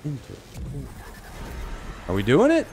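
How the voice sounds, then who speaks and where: At a measured pace, a man who streams games narrates his own gameplay live, talking casually to himself and his audience and bursting into high, excited yelps. There's a little hiss or hum in the audio.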